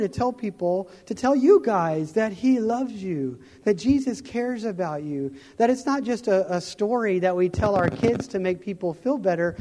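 High-pitched but dark in tone, a traveling evangelist shares an earnest, informal testimony sermon onstage. He keeps restarting and chuckling as he goes, and the recording has a long hall reverb.

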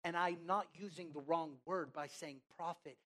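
A preacher giving a sermon with emphatic, drawn-out words, swinging between loud and soft, who asks the congregation questions and has them repeat phrases. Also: medium pitch, fairly even intonation.

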